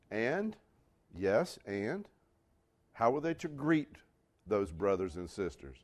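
A man preaching to his church congregation. He speaks slowly with a highly expressive, swooping delivery and keeps drawing the listeners in with direct questions. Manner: animated, calls out questions to the congregation. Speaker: pastor. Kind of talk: sermon.

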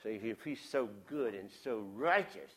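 A man's voice: mid-range voice, lively intonation, unhurried, a bit bright, slightly rough. A male pastor preaching a sermon in a conversational, self-deprecating storytelling manner.

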